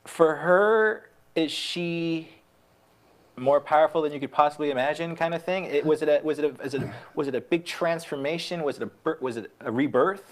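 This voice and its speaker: A guest in casual conversation who talks haltingly, with many restarts, and laughs easily. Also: mid-range voice.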